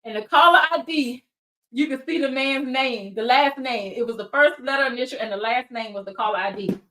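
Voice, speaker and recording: A woman with a somewhat high voice hosts her own show. She tells a story straight to the camera in a lively, direct way, talking to her viewers as if they were friends. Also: a little fast. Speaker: searcher for biological families, show host. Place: lives in Georgia.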